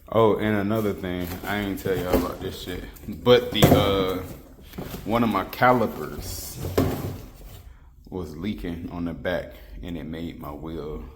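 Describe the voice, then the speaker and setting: A car vlogger shows off his vehicle and home, talking in loose, laid-back slang and trailing off with fillers. His voice is low-pitched, with a little hiss or hum in the recording.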